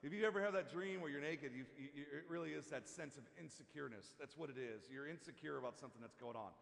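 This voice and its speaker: A man preaching a sermon as pastor in a church, talking casually and haltingly with many restarts and asides. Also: fairly high pitch, creaky, big-room sound. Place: church sanctuary.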